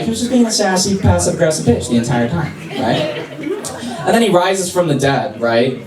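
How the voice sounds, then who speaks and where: A young man from Los Angeles doing a sassy, animated stand-up comedy set on a club stage, with an audience laughing. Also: fairly high pitch, normal speed, distant mic, a crowd in the background. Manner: sassy, animated, mocking impressions. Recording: echoey club recorded from afar.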